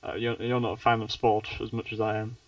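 A man's voice: lowish voice, completely flat delivery, quick pace, no echo. A man from the UK hosting a casual podcast chat, rambling with frequent laughs. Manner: laughs often, rambling with restarts. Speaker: podcast host. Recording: dull, distant podcast mic.

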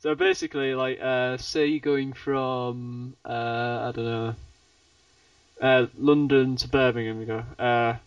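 A man's voice: mid-range voice, fairly even intonation, measured pace, smooth, no echo. A man from the UK hosting a casual podcast chat, rambling with frequent laughs. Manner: laughs often, rambling with restarts. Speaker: podcast host. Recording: dull, distant podcast mic.

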